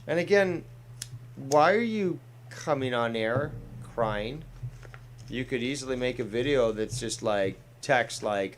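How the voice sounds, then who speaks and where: Sarcastic guy cussing his way through clip reactions, mid pitch voice, faint hum behind. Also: measured pace. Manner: blunt, sarcastic, profane. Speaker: commentary host. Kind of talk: casual commentary reacting to clips.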